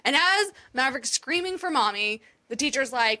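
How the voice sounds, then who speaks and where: A woman's voice: high voice, lively intonation, moderate pace, hardly any pauses, pushed and bright. A woman co-hosting a podcast, telling an emotional story in casual chat, swearing freely and laughing often. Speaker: podcast co-host.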